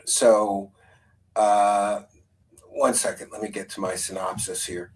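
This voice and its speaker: A man's voice: lowish voice, level tone, slow pace, darkish tone, rough recording. A man hosting a casual stream, rambling and thinking aloud as he talks and then reads out a synopsis. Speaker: host. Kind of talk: casual live-stream chat.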